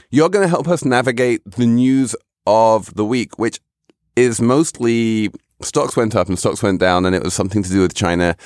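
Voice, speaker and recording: A male podcast host with a lowish voice who talks in a wry, self-deprecating way, circling back and restarting his sentences. The sound is dry and close, with no room echo. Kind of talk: casual chat.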